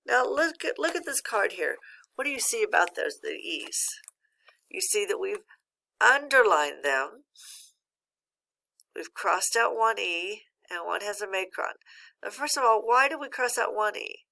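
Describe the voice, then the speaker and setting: A woman teaching a phonics lesson, patient and encouraging, pausing for answers as if students were replying. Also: mid-range voice, expressive, gravelly, sharp tone.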